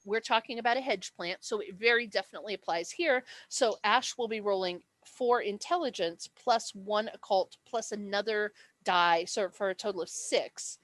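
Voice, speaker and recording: A woman's voice: medium pitch, moderate pace, fairly bright tone. A woman acting as game master, explaining dice rules and describing the setting in a chatty way, with many fillers and self-corrections.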